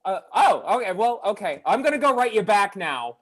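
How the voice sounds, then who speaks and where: A woman's voice: mid-range voice, big pitch swings, moderate pace, close to an everyday voice. A woman reading the part of an effusive mother-in-law who gushes and puts herself down. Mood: gushing. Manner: effusive, self-deprecating. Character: bubbly, gushing mother-in-law. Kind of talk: live script reading.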